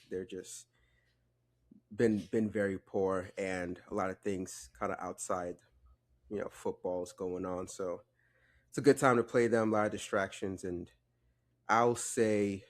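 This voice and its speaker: A man co-hosting a football podcast, giving relaxed, measured opinions in casual chat. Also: deep voice. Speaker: podcast co-host.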